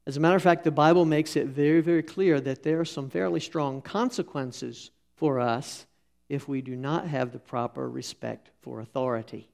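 Middle-aged male preacher, raspy gravelly tone, relaxed folksy anecdotes. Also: mid-range voice, moderate pace. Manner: folksy storytelling, many fillers and restarts. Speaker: pastor. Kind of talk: sermon with anecdotes.

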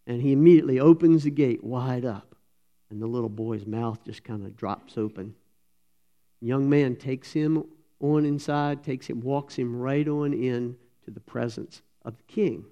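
A man, a pastor telling a sermon story in a folksy, animated way and voicing the characters. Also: mid-range voice, unhurried. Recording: slightly dull lo-fi sound.

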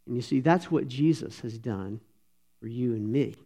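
A man, a pastor telling a sermon story in a folksy, animated way and voicing the characters. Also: mid-range voice, moderate pace. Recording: slightly dull lo-fi sound.

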